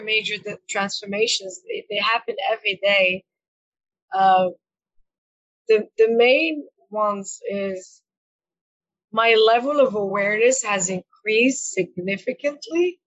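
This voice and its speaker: A woman's voice: medium pitch, lo-fi sound. A woman coach speaking as a podcast guest, talking in a reflective, earnest way with frequent fillers and repeated words. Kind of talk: conversational interview.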